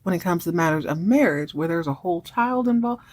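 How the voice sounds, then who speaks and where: A woman's voice: lowish voice, lively intonation, darkish tone. A woman in her thirties hosting a podcast, recapping a TV series in casual chat, wry and chatty. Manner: chatty and wry, acts out characters' lines in quick voices.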